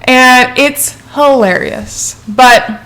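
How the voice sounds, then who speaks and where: Chatty woman gossiping, bright pitch. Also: very slow. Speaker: podcast co-host. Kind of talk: casual chat.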